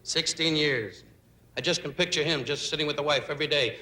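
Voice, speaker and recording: Middle-aged male roast comic, brisk insult jokes with mock tenderness, high-ish voice, echoey stage, loud audience noise. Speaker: celebrity roaster. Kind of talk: stand-up roast. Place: large banquet stage.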